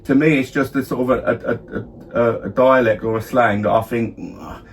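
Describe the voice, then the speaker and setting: A man's voice: mid-range voice, fairly even intonation, moderate pace, slight background noise. A middle-aged man from around London talks in his own plain London accent, with a mid-range voice. He rambles through casual podcast chat, restarting sentences and checking in with "do you know what I mean". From London area, England. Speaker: podcast co-host, father.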